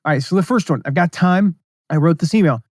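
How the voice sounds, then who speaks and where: A man's voice: on the high side, fast, no room sound. Chatty man with a dry, close sound. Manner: conversational, reads his own emails aloud, asides and fillers. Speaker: podcast host. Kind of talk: solo business podcast, casual instruction.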